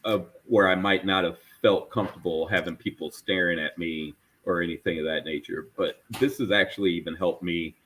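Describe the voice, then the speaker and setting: A man's voice: sits low, steady tone, a little fast, hardly any pauses, fairly bright tone, slight background noise. A man talking casually on a podcast panel about cosplay, rambling with fillers and restarts.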